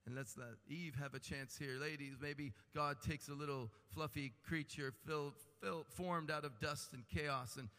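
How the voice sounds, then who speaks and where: A man's voice: a little high, fairly even intonation, moderate pace, hardly any pauses, pushed and bright. Impassioned male preacher in a reverberant hall. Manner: impassioned preaching, rising and falling intensity, humorous asides. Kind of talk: sermon.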